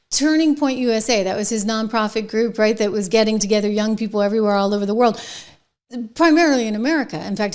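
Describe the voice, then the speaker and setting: A middle-aged woman hosts her own political commentary show with a slightly high voice. She is indignant and sarcastic, leaning hard on words, and she swings between hushed whispers and sharp outbursts.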